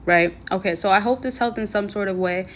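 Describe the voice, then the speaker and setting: A woman's voice: medium pitch, fairly quick, a little hiss or hum. A woman hosting a casual dating advice vlog, chatty and rambling, with frequent restarts and fillers.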